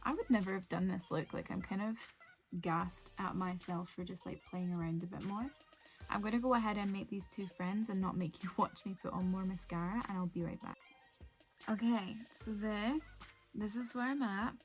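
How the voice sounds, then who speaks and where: A woman's voice: medium pitch, normal speed, faint music behind. Chatty young woman vlogging. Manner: chatty, rambling, lots of "like" fillers. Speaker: beauty vlogger. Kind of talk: casual make-up tutorial chat.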